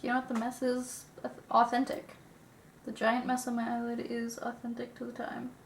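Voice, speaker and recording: A young beauty vlogger chats casually while doing her makeup, sniffly as she gets over an illness, self-deprecating, swearing, and muttering to herself. Her voice is on the high side and monotone at normal speed, in a roomy recording with a little hiss or hum.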